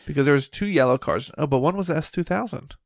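A man's voice: fairly high pitch, quick pace, dry recording, studio quality. A man co-hosting a podcast in casual chat, joking and laughing often. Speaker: podcast co-host.

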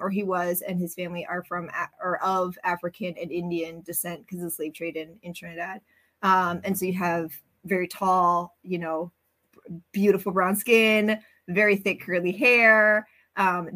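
Woman guest, bright forward voice, animated storyteller, casual interview chat. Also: fairly low pitch. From the Bronx, New York. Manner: animated storyteller, laughs easily. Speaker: podcast guest, brand creator.

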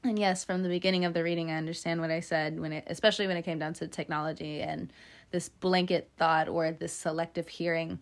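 A woman with a slightly low voice gives a casual tarot reading. She talks in a loose, chatty way, playful and quick to laugh, dropping the odd swear word. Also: steady tone. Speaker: tarot reader.

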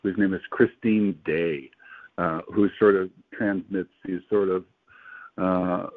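Low-voiced guy rambling on, kinda husky, sounds like it's over a phone. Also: steady tone, slow, dry recording. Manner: enthusiastic, rambling, many fillers. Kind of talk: casual conversation. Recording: tinny phone-like, dry sound.

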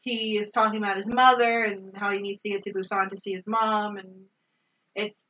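Emphatic, swearing woman with a bright tone. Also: mid-range voice, flat delivery, normal speed, recorded from a distance, poor audio. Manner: emphatic, profane, emotional retelling. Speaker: podcast co-host. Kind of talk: casual movie review chat.

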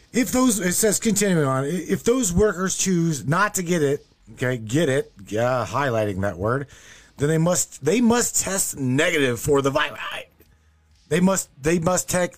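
Profane, rambling man reading news. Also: fairly high pitch. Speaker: podcast host. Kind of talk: casual news commentary.

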